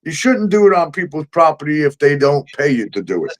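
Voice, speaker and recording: A man's voice: a little high, sing-song, a little fast. A man hosting a casual talk show from home, telling a story with frequent laughs and loose swearing. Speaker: host. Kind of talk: casual chat.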